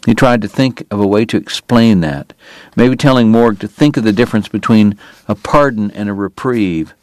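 Male audiobook narrator, measured, lowish voice. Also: darkish tone, dry recording. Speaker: audiobook reader. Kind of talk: scripted narration.

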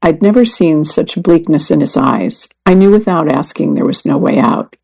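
A woman reading a first-person magazine story and article aloud in an even, measured way. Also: sits low, vocal fry, breathy edge, poor audio. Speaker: reader. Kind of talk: scripted narration of a magazine story.

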